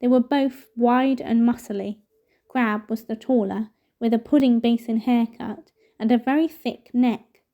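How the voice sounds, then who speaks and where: A woman reading a novel aloud in steady, measured narration. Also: a little high. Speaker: storybook reader.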